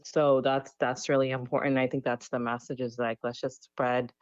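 A woman from Canada, a DJ and musician guest, speaking reflectively on a radio interview with many pauses and fillers. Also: extremely low pitch, little pitch movement, dry recording, dull audio.

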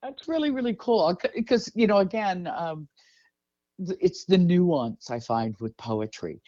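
A man's voice: high-pitched, expressive, unhurried, dark tone, no echo. A man hosting an interview in a casual, rambling way, full of fillers and restarts. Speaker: interview host. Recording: dull, dry lo-fi audio.

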